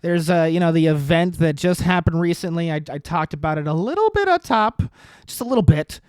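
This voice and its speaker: A man's voice: fairly high pitch, a little fast, clear, resonant tone, no room sound. Sardonic man hosting a comedy podcast. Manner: sardonic, dark deadpan humor with rambling asides. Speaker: podcast host. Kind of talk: casual comedic monologue.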